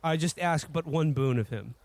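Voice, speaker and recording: A man playing in a comedic podcast role-play, with mock-serious, deadpan joking. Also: fairly high pitch, normal speed. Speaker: podcast co-host, player.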